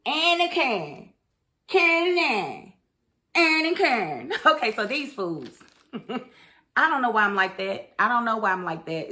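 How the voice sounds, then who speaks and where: A woman's voice: medium pitch, a bit bright. A woman giving a sassy, chatty review of a TV episode, often laughing and speaking directly to her viewers. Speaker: TV show reviewer. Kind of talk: casual review commentary.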